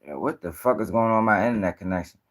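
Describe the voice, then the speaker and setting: A man's voice: lowish voice, racing. A man hosting a live-stream news show, ranting in casual, profane, rambling talk and sounding tired.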